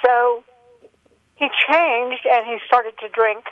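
An older woman calling in by telephone, telling a long personal story in an earnest, halting way with many fillers. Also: on the high side, dry recording. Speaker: caller. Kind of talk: phone-in call. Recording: dull telephone line.

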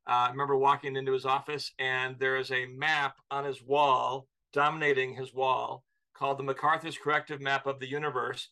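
Podcast guest: a man from the U.S., bright forceful tone, animated joking delivery. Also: medium pitch, a little fast. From United States. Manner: lively, joking storyteller. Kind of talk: casual conversation.

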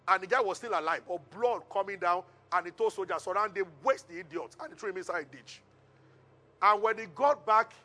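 High, bright-voiced preacher. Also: male voice. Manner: storytelling preacher, animated retelling with call-and-response. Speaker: pastor. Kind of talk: sermon.

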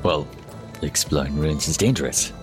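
A man voicing a fussy male merchant who hires adventurers, hesitant and quick to agree. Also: extremely low pitch. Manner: hesitant, stammering, eager to agree. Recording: music playing behind.

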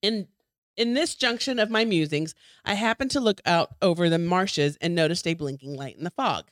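A woman reads a spooky tale aloud with dramatic flair, her voice smooth and resonant. It is recorded close and dry, with almost no room sound. She stumbles now and then and picks the line back up. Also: fairly low pitch, moderate pace, no echo. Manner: dramatic reading with small stumbles. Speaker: podcast co-host. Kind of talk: reading a ghost story aloud.

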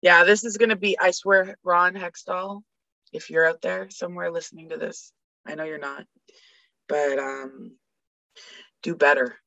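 Fired-up woman, bright voice. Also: on the low side, steady tone, measured pace, vocal fry, pauses often, no room sound. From Canada. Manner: fired-up ranting, rattling off stats. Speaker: podcast guest. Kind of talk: casual sports chat. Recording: dull lo-fi dry recording.

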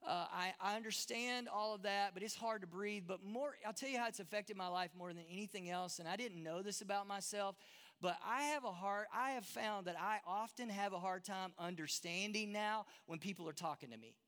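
A Texan pastor preaches to his congregation in a large church hall, his sermon conversational and self-deprecating, with frequent restarted words. His voice is high, brisk, a bit bright and clean-toned, carried by a long hall reverb.

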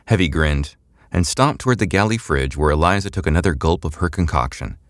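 A man narrating a sci-fi serial audiobook in a measured, even reading. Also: rumbling low, no echo, clean studio sound. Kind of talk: scripted narration.

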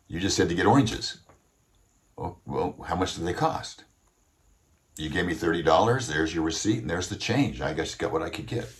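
A puzzled young worker, as a man telling a story puts him on, with a low voice that stumbles and hesitates. He sounds defensive and unsure of himself. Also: animated, normal speed, slight background noise. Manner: hesitant, stammering.

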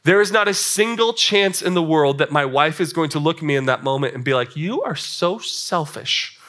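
A young man preaching a sermon to young adults, animated and acting out little scenes, often repeating words as he starts. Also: on the high side, fairly quick. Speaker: young adult ministry pastor.

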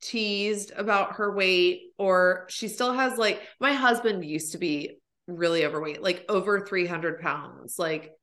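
A woman's voice: lowish voice, a little slow, hardly any pauses, fairly bright tone. A woman in her thirties hosting a podcast, chatting casually with plenty of fillers and swearing. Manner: chatty, profane, lots of fillers. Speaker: podcast host. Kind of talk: casual chat.

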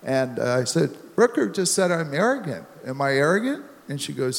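A man's voice: on the high side, very animated, measured pace, gravelly, long reverb tail. A man telling a rambling anecdote on a panel, chuckling and restarting his sentences. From United States. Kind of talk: anecdotal storytelling.

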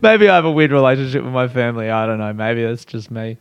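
A man's voice: medium pitch, big pitch swings, fast, few pauses, smooth, no echo, studio quality. A young Australian man doing a rambling, profane, self-mocking comic monologue in casual chat. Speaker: comedian.

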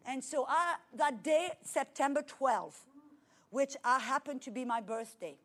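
A middle-aged woman from France with a French accent, preaching a personal testimony with dramatic swings from loud to hushed. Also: high voice, measured pace. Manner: animated storytelling with dramatic swings in loudness. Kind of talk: testimony sermon.

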